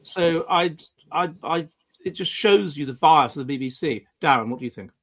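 A man's voice: on the high side, expressive, moderate pace, husky. A man hosting a panel discussion, emphatic and full of restarts. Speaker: host.

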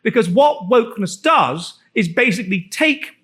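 High-voiced man giving a wry talk. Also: lively intonation, sharp tone. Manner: wry, lecturing storyteller with halting restarts. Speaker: author presenting his book. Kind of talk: live talk to an audience.

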